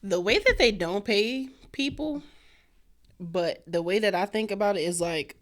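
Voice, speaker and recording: A woman's voice: mid-range voice, lively intonation, a little slow. Woman cohost just chatting easy on a podcast, mid voice. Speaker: podcast co-host. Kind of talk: casual podcast chat.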